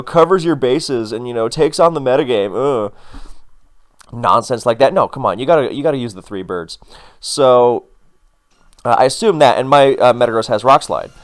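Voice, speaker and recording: A man's voice: mid-range voice, brisk. A man casually commenting on his own game, rambling into wry asides with plenty of fillers. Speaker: gaming commentator.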